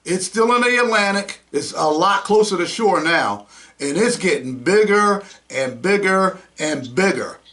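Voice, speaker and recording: A man's voice: sits high, sharp tone. A man hosting a talk show, ranting with indignant, mocking commentary. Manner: indignant, mocking, name-calling rants. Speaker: podcast host. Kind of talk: heated commentary.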